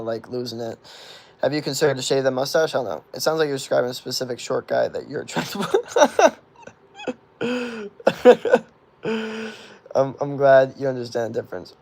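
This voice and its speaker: Young guy in his 20s, gravelly, easygoing streamer who rambles through chat questions, filler-heavy and profane. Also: medium pitch, darkish tone. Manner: rambling, filler-heavy with constant "like", swears freely. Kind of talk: casual livestream chat.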